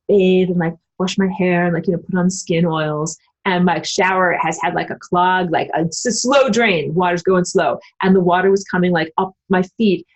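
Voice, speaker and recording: A woman talking casually about spiritual ideas and answering her live chat, acting out quoted voices with big jumps in pitch and swearing bluntly. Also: rough recording. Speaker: spiritual channel host.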